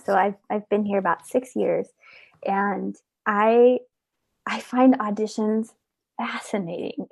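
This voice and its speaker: A woman with a fairly high voice speaks in a casual interview, earnest and heartfelt. She often repeats a word as she thinks. The recording is close and dry, with no room sound. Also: vocal fry, darkish tone, dry recording. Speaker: orchestra oboist, interview guest.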